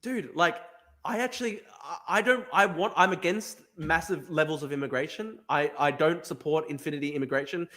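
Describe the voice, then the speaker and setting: Exasperated fast-talking man, high voice. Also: bright, forceful tone. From Australia. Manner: exasperated, repeats "dude", stammers and restarts. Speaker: podcast host. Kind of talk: heated debate.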